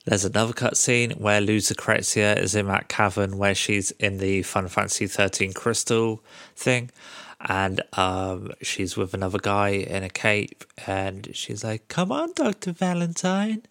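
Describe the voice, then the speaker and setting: Low-voiced sarcastic man. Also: flat delivery, unhurried, a bit bright, no room sound. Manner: sarcastic, swears freely, mocks the game's characters. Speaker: podcast host. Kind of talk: casual game recap.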